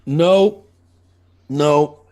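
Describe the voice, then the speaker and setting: A man's voice: a little high, mellow. Laughing male tabletop player. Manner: laughs easily, quick short replies. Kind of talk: tabletop role-play chat.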